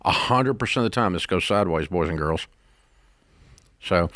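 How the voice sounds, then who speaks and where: A man, hosting a call-in advice show, blunt and emphatic, his pitch climbing as he rants. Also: lively intonation, normal speed, long pauses, a bit bright, dry recording, studio quality. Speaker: radio show host.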